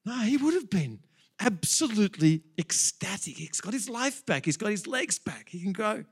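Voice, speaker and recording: A male pastor preaching in church in a fairly high voice. His pitch swings widely as he tells the story with energy. He drops in casual, conversational asides. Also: normal speed, breathy edge. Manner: animated storytelling, chatty asides. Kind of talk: sermon.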